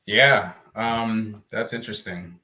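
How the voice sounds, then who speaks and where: Low, bright-voiced man chatting on a livestream. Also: fairly even intonation, takes it slowly. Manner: laughs often, loose and chatty. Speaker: livestream co-host. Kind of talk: casual livestream chat.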